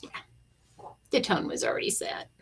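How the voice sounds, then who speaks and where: Over slight background noise, a middle-aged woman crafts on a live stream, chatting casually at a moderate pace. She tells stories animatedly, performing the quotes.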